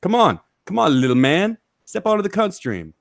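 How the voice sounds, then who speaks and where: A man's voice: high voice, big pitch swings, normal speed, creaky, no room sound, studio quality. A man hosting a livestream, angrily taunting someone in a heavily profane rant. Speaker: stream host.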